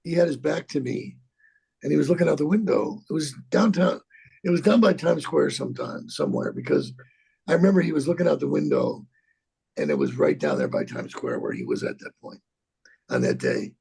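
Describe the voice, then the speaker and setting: A gravelly, husky man in his sixties, recounting a story in an interview. His speech rambles and stumbles, with plenty of cursing and restarts, and his pitch swings widely from low growls to sudden high notes. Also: sing-song, darkish tone. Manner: rambling, profane, halting with repeats and laughs. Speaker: actor telling a story.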